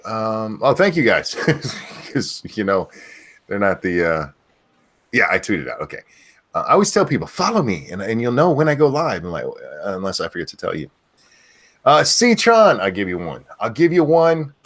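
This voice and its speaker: A man hosting a casual livestream who loudly yells out viewers' names, then drops back into loose, swearing chatter. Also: sits low, very animated, moderate pace. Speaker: livestream host.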